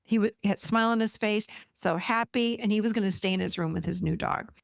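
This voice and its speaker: A woman's voice: mid-range voice, fast talker, creaky, no room sound, studio quality. A woman podcast host and therapist telling a client story in a casual, chatty way, often addressing listeners directly.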